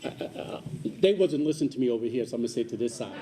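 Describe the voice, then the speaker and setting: Racing along in an animated, medium-pitched voice, a man speaks publicly at a community celebration over a very noisy background. He shares a personal story as the guest speaker, joking with the audience and going back over his key points.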